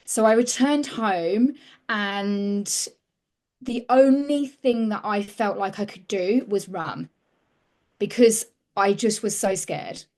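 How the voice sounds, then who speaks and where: A woman's voice: mid-range voice, slow pace, a little mellow. Earnest woman telling her story. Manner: earnest, reflective, restarts mid-sentence. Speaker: women's mentor, interview guest. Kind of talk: casual interview storytelling.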